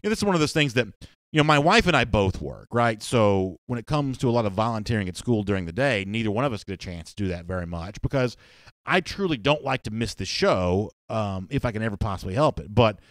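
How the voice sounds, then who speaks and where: A man's voice: fairly low pitch, animated, fast, no echo, clean studio sound. A man hosting a live sports talk show, chatting casually and reading viewer comments, rambling with restarts and fillers.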